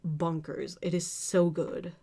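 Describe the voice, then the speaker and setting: A British-born woman hosts a relaxed art livestream, reading out viewer comments and chatting back with frequent laughter. Her voice sits a little low and has a soft, mellow warmth rather than any brightness. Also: takes it slowly. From United Kingdom. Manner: chatty, laughs often, reads comments aloud.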